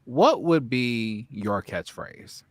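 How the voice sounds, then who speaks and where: A man's voice: mid-range voice, animated, drawn-out words. A man hosting a casual podcast chat, playfully asking the group questions and echoing their phrases. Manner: playful, asks questions and repeats others' phrases. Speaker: podcast host.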